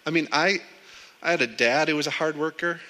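This pastor preaches in a conversational style, often repeating words as he begins a sentence. His voice sits on the high side, brisk and sharp-toned, and a long hall reverb trails it.

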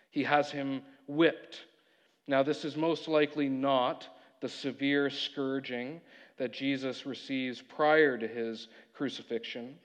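A man preaches a sermon with animated storytelling, slipping into quoted voices. His voice sits a touch high for a man. The sound is dull and carries a long hall reverb. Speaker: pastor.

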